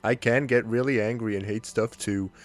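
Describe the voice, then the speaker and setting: A man's voice: fairly low pitch, fairly even intonation, moderate pace, soft background music, lightly acted. A man reading the lines of an earnest, somewhat awkward teenage boy, in a plain, sincere way. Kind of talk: comic reading of a webcomic.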